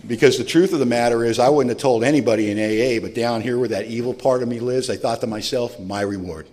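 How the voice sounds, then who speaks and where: A middle-aged man tells his own story to a meeting audience in a plain, mid-pitched voice, candid and earnest. He talks like someone chatting rather than preaching. The live recording carries the long reverb of a large hall. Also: steady tone, quick pace, a little mellow. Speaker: speaker at a recovery meeting. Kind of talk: personal testimony talk.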